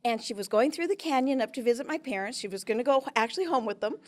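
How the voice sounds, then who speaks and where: Woman in her 50s, lively storyteller, pitch a bit high, goes loud then soft. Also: rapid-fire. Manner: animated storyteller, shifts between loud and soft. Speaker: guest expert and author. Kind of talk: interview storytelling.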